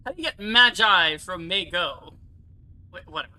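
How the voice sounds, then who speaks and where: Excitable young American man, very bright voice. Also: high-pitched, normal speed, rough recording. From United States. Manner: excitable, rambling, swears casually. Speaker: let's play YouTuber. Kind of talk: casual gameplay commentary.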